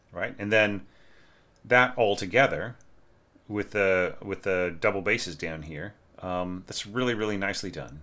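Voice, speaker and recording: Chatty man with a bright, forceful voice. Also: low-pitched. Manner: conversational, keeps checking with "right?", sings phrases as "da, da" and "bum, bum". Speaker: orchestration teacher reviewing a student score. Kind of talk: informal music lesson.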